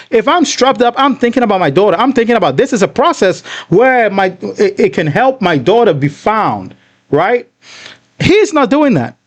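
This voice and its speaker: High-voiced emphatic man reacting, dry sound. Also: no echo. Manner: emphatic, indignant, lots of "bro". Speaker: reaction video host. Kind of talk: casual reaction commentary.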